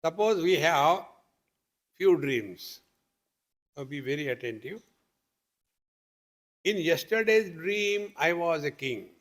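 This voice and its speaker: A swami teaching at a meditation retreat gives a slow, patient spiritual discourse with gentle humor. His somewhat high-pitched voice has lively intonation, and he asks questions and uses homely examples with light humor.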